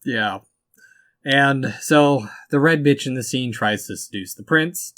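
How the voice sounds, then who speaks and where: A man's voice: mid-range voice, slow, fairly bright tone. A man co-hosting a podcast, chatting casually about a movie in a dry, offhand way. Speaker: podcast co-host. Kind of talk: casual movie review chat.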